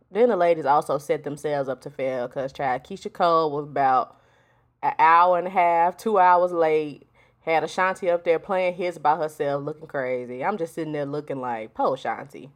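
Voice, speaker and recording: A woman's voice: low-pitched, normal speed. A woman hosting a solo podcast, talking in a blunt, sassy, profane casual way. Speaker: podcast host. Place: home, with a storm outside.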